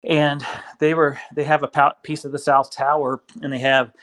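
A man, a guest on an interview show, telling his story in a casual, animated way, acting out the voices of people he quotes. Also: fairly high pitch, normal speed. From Kentucky.

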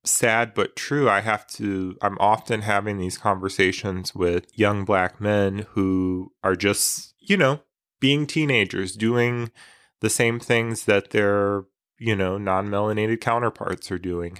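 Earnest man with a low voice. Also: a bit bright, smooth, no echo, studio quality. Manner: measured, earnest, unhurried. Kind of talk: reflective talk with book reading.

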